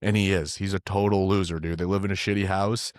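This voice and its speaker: Deep-voiced man in casual podcast chat. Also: flat delivery, quick pace, smooth, no echo, studio quality. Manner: loose and profane, says "dude" a lot. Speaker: podcast co-host. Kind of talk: casual film review chat.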